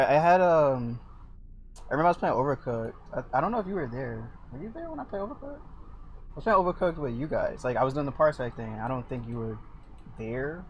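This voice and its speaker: A young man streaming casually while sculpting, teasing his chat with lots of fillers and jokes. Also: medium pitch. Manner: joking, teasing, chatty with many fillers. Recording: faint background noise.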